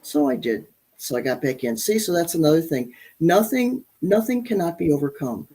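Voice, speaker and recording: A woman's voice: low voice, animated, normal speed, dark tone, husky, poor audio. A woman from Michigan, a parenting author, speaking candidly as an interview guest, with frequent restarts. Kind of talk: interview conversation.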